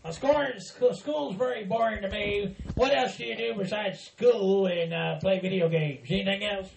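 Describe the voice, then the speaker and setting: A man hosts a casual podcast in a rambling, teasing hillbilly persona. His voice sits high for a man and has a gravelly edge. The recording is roomy and echoey, with faint music underneath. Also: normal speed, slight background noise. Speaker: podcast host.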